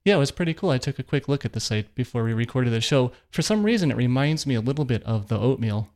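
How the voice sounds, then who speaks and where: A man's voice: mid-range voice, expressive, fast talker, a little mellow. A man in a mid-range voice hosts a podcast interview, his questions easy and conversational. He keeps a friendly, casual tone as he steers the talk. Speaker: podcast host.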